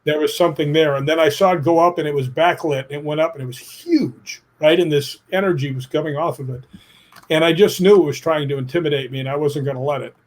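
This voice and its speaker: This middle-aged man, a guest in an interview, talks fast in a voice on the high side. He's an animated, plainspoken storyteller who acts out quotes, speaks emphatically, and swears casually.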